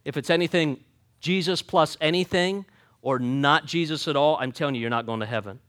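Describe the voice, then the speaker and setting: A man preaching a sermon, folksy and joking, swinging from quiet asides to loud emphatic points. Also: on the high side, a little fast. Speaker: pastor.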